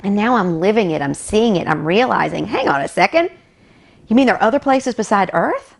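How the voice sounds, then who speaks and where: American woman, middle-aged interview guest: animated storyteller, gravelly texture. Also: medium pitch, brisk. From United States.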